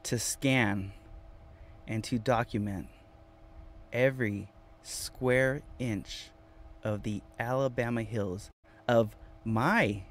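A man chatting casually on a livestream from inside his van, reading viewers' comments aloud, talking to them by name and repeating himself with lively energy. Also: medium pitch, slight background noise. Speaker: vlogger reading live chat.

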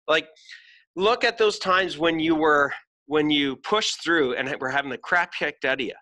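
A man's voice: on the high side, moderate pace, pushed and bright. A middle-aged man hosting a podcast, giving a blunt, emphatic motivational talk full of swearing. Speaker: podcast host.

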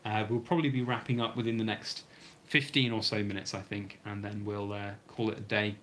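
A British man hosts a long, casual live stream, reading viewer comments aloud and answering in a rambling, chatty way as his voice starts to give out. His fairly low, somewhat bright voice comes out flat and fairly quick, over a little hiss or hum.

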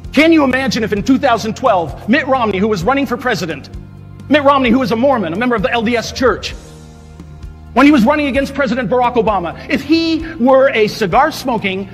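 A man, a parish priest delivering an impassioned homily, indignant and full of rhetorical questions. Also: extremely high pitch. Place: large church. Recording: long church reverb, faint music.

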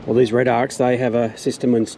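Here the middle-aged Australian camping vlogger talks a little fast in a flat, medium-pitched delivery. He's casually chatting as he films his beach campsite, easygoing and slangy, with background noise audible.

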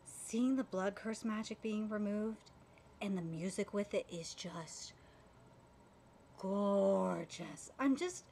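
Female anime reaction streamer, excitable and gushing, even middle pitch, faint noise. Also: unhurried. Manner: excitable fan gushing, many fillers and restarts. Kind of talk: live reaction commentary.

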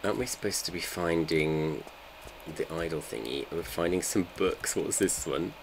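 Deep-voiced man, joking streamer. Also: normal speed, a little hiss or hum. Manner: joking, bantering with chat. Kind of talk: casual live gameplay chat.

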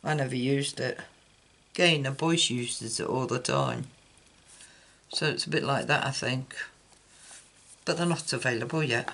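Slow gravelly man, rambling craft chat. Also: medium pitch, bright, forceful tone. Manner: chatty, rambling, loses track mid-thought. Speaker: craft channel host. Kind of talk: casual card-making demonstration.

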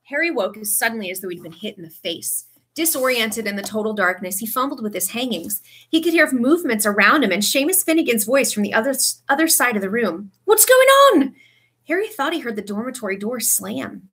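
A woman reading a story aloud with expressive narration. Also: fairly high pitch, fairly quick, husky. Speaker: audiobook reader.

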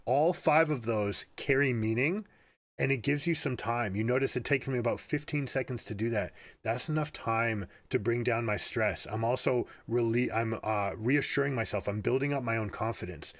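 A man commentating on an esports match and giving coaching advice, energetic and repeating words as he explains. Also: medium pitch, normal speed, no room sound. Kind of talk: game analysis with coaching advice.

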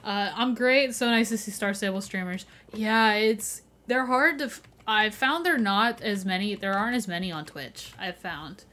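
A young woman talks casually to her chat while she streams a game. She is chatty and laughs often as she greets viewers and answers their questions. Her pitch sits in the middle of the usual range. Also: normal speed, hardly any pauses, pushed and bright.

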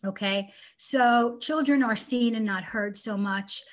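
A bubbly woman recounting her personal story as a podcast guest. Her voice sits on the higher side, and she talks in a heartfelt, chatty way. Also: slow. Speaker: guest, inventor and entrepreneur. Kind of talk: casual interview chat.

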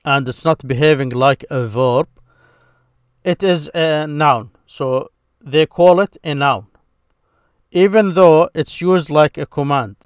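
A man teaching Arabic grammar in a slow, patient way, explaining a point step by step. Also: on the high side, smooth, no room sound, studio quality. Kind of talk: explanatory lesson.

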